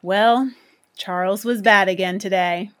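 A woman voicing a bold, cheeky young schoolboy who talks eagerly and loudly, scornful at times. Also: mid-range voice, steady tone, unhurried, natural voice. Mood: excited.

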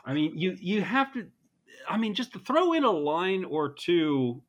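A man from New Jersey co-hosting a casual film review podcast, an animated and joking storyteller. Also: high voice, measured pace. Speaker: podcast co-host.

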